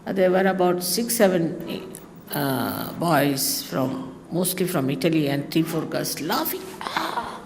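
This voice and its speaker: A woman's voice: sits low, expressive, unhurried, gravelly. A woman from India, telling digressive anecdotes in a talk, with exclamations and asides to her listeners. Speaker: speaker giving a talk. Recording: reverberant hall with faint background noise.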